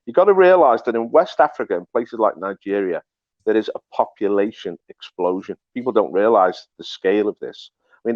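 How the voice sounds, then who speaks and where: A man's voice: mid-range voice, darkish tone, no echo. Emphatic man giving political commentary. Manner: emphatic, repetitive, restarts often. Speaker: host. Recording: dull dry lo-fi recording.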